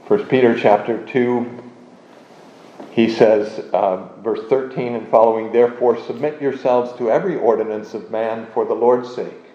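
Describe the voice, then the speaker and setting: A man giving a measured, deliberate doctrinal lesson, pausing on fillers as he teaches. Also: mid-range voice, steady tone, dark tone. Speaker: teacher of a confession. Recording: roomy, dull lo-fi recording.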